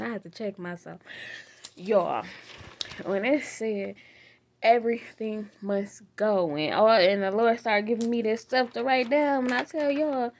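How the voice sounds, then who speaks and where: A woman giving a casual faith talk to her phone camera, animated and swinging from loud laughter to hushed near-whispers. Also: mid-range voice, a little hiss or hum. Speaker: vlogger.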